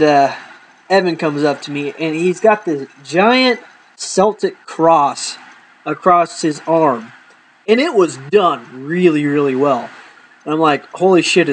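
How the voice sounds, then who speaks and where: A man's voice: on the high side, animated, slow pace, a little hiss or hum, poor audio. A man telling rambling, profane comic stories from his life and acting out the dialogue. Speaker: comedy storyteller. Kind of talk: casual comedic storytelling.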